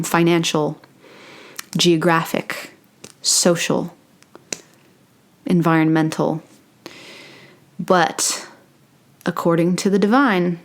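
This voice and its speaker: Young female spiritual host, low-ish voice, casual and playful, whispered asides. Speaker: spiritual channeler and meditation host. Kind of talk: casual channeling talk to camera.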